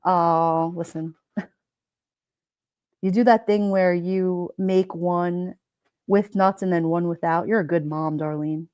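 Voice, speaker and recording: A woman's voice: lowish voice, steady tone, takes it slowly, long pauses, darkish tone, smooth, no room sound. A woman with a Brooklyn accent hosting a casual live stream, chatting, reading out viewer comments and laughing often. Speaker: livestream host.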